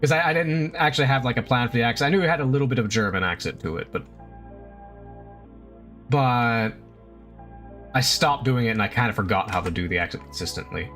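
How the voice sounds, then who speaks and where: A man's voice: mid-range voice, a little fast, long pauses, a bit bright, soft background music. A man streaming live, chatting casually while he draws. He rambles, laughs often and swears freely.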